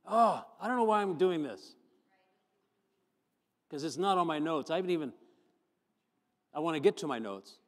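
A man, a pastor, preaching a sermon, moving from chatty storytelling to fervent, loud emphasis. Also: a little high, lively intonation, moderate pace, long pauses. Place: church sanctuary. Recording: long church hall reverb.

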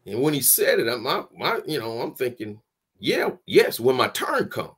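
A man's voice: medium pitch, normal speed, slightly rough. Older man telling a story. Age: 60s. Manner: animated storyteller with laughs, folksy Southern phrasing. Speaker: guest, former football player. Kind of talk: storytelling interview.

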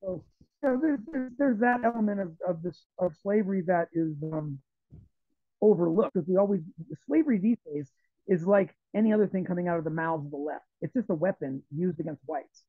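High-voiced man over a tinny line. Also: a little fast, no echo. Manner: rambling, animated storytelling with frequent restarts. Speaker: interview guest. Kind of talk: conversational interview. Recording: tinny, phone-like dry sound.

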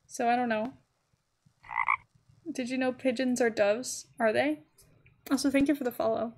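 A woman's voice: a little high, steady tone, moderate pace, noisy background. A woman streaming a game live, chatting casually and giggling as she talks to her chat. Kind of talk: casual gaming livestream chat.

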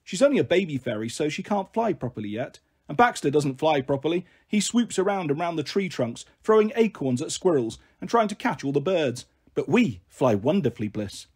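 A man's voice: a little high, sing-song, a little fast, few pauses, a little mellow, slightly rough. A man voicing a protective big-sister girl who spins playful, coaxing fairy stories in a storybook reading.

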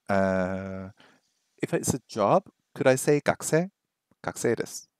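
A man's voice: lowish voice, expressive, a little slow, clean tone, no echo, clean studio sound. Man thinking aloud while drilling phrases. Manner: thinks aloud, repeats phrases over and over, self-mocking. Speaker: streamer learning a language. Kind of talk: casual think-aloud study stream. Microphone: streaming microphone that picks up his voice weakly.

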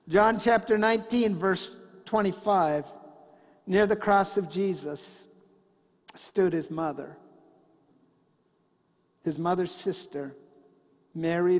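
A man preaching a sermon in a church, telling a story and swinging between loud passages and hushed ones. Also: on the high side, big-room sound. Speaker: pastor. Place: church sanctuary.

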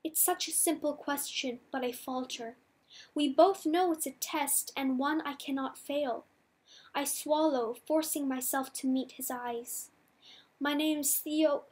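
Slow, high-voiced woman reading a novel. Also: darkish tone. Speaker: audiobook reader. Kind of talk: first-person novel reading.

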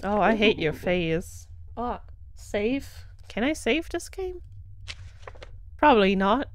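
Streaming a game, a woman with a German accent chats casually, laughs and welcomes her followers. She speaks slowly in a mid-range, sing-song voice.

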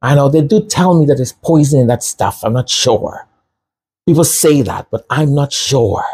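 A man's voice: medium pitch, lively intonation, moderate pace, darkish tone, husky. A man hosting a raw commentary monologue, impassioned and sarcastic. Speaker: channel host.

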